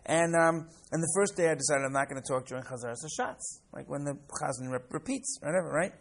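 An older man from the United States leads a class, telling stories with lots of energy and a slightly high voice. He often trips into repeated words and keeps checking in with his listeners. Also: quick pace, creaky. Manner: animated storyteller, repeats words, keeps asking "right?". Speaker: rabbi teaching a class. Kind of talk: classroom lesson with personal stories.

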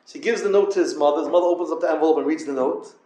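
A man's voice: on the high side, racing, warm tone. A man giving a Torah talk to yeshiva students in yeshivish English, speaking straight to them and telling a story. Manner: storytelling, addresses listeners directly; Yiddish-inflected yeshivish English. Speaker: yeshiva lecturer. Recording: echoey room.

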